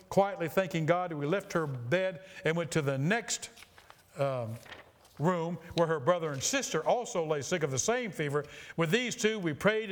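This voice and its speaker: Impassioned male preacher reading aloud. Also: on the high side. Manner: impassioned reading that slows for emphasis. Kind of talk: sermon reading a story aloud.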